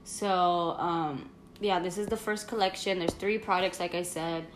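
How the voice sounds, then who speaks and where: A woman's voice: lowish voice, fairly even intonation, measured pace, roomy sound, slight background noise. A woman hosting her own podcast in casual, rambling chat full of fillers, talking while she eats at home. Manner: chatty, rambling, many fillers and laughs. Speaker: podcast host.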